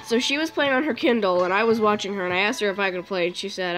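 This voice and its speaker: A woman's voice: medium pitch, fast, low-quality recording. Young woman swearing through a game. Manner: swears a lot, yells at the game. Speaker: gaming channel host. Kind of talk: casual gameplay chat. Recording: music playing behind.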